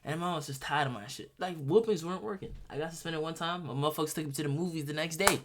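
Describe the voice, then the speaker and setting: A man's voice: on the high side, rapid-fire, hardly any pauses, a bit bright, slight background noise. A young man talking casually and bluntly as a streamer reacting to a video, profane and rambling, full of restarts.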